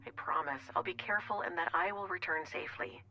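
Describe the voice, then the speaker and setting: A woman voicing a calm, deep-voiced male surgeon who speaks low and softly with dry teasing. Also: fast, dry recording, dull audio. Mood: reassuring.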